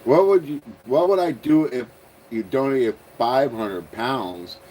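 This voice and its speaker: A man with an Ontario Canadian accent chats loosely on a livestream. His pitch sits right in the middle of the male range. He rambles, laughs at his own slips and lets his sentences fade into mumbles. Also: lively intonation, takes it slowly, dark tone, low-quality recording. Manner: rambling, chuckles at himself, trails off mumbling. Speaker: host of a toy-building channel. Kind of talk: casual livestream chat answering viewers.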